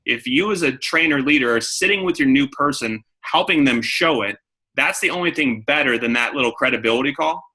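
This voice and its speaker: A man's voice: medium pitch, pushed and bright, rough recording. A man giving a coaching talk to his sales team, repeating key points and acting out phone calls. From San Diego. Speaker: network marketing trainer.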